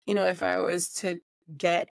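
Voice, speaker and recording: Woman, American accent, animated anecdotes, quick impressions, dry close sound. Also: lowish voice, vocal fry, dry recording. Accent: American, with a British accent that comes out at times. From born in New Jersey, raised in England. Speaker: guest, voiceover artist and filmmaker. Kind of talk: casual interview storytelling.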